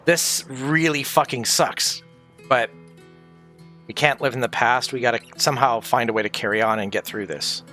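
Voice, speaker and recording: A man's voice: mid-range voice, moderate pace, bright, forceful tone, faint music behind. A man streaming from home, grieving, talking candidly in a rambling, sweary way. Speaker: livestreamer. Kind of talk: casual livestream chat.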